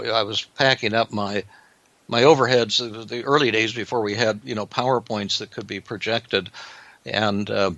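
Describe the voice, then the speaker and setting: Man, gravelly voice, bright tone, halting storyteller, dry slightly dull audio. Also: medium pitch, dry recording. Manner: halting, repeats words while telling a story. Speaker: psychiatrist podcast host. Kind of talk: storytelling clinical anecdote.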